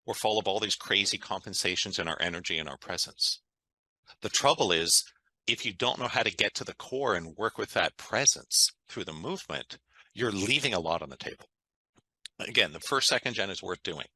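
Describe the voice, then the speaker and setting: A man's voice: low-pitched, lively intonation, moderate pace, pushed and bright, no echo, poor audio. A man, a guest on an interview, talking in an enthusiastic, conversational way and often checking in with "right?". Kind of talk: interview storytelling.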